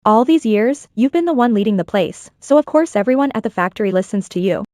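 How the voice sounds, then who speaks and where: A woman's voice: on the high side, expressive, fairly quick, darkish tone, no echo, lightly acted. A woman voicing a scornful, scheming woman, dismissive and spiteful, in a dry booth. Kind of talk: dubbed drama acting.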